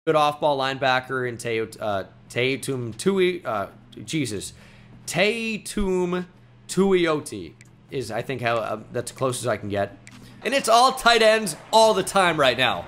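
A man's voice: medium pitch, big pitch swings, moderate pace, bright, forceful tone. A young man giving casual, profane, joking commentary while playing a video game. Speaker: gaming YouTuber.

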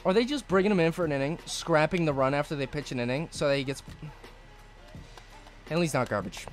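A man streaming live gameplay and answering his chat, cursing often and swinging between low mutters and angry outbursts. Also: animated, brisk, pauses often, faint music behind. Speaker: gaming streamer.

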